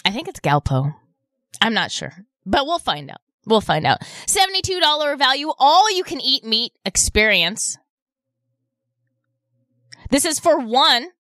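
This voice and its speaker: A bubbly woman hosting a radio shopping show, her voice bright and pitched a little high, swinging up and down as she reads out each deal. She speaks into a studio mic in a dry, close room. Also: big pitch swings, measured pace, pauses often, dry recording. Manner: bubbly, cooing "ooh" over deals. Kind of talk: live radio shopping segment. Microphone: studio microphone.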